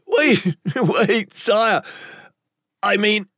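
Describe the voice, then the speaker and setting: A scared young thug, voiced by a man in a storybook reading, pitched high and pleading in rough, broken slang. His voice swoops and shakes as he begs, recorded dry and close. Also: expressive, slow, no echo, heavily acted. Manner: pleading, stammering, rough talk. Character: frightened young male hired thug.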